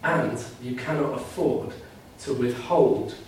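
A man's voice: medium pitch, slow, darkish tone, slight background noise. Man preaching in a very echoey hall. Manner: earnest, emphatic, repeats key phrases. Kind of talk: sermon. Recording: very echoey room, mic at a distance.

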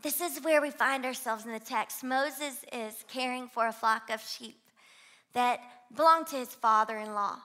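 A young woman from Louisiana with a Southern twang, preaching an energetic sermon as guest pastor and urging the congregation to join in. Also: a little high, normal speed. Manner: energetic, exhorts the crowd to shout along. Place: church auditorium.

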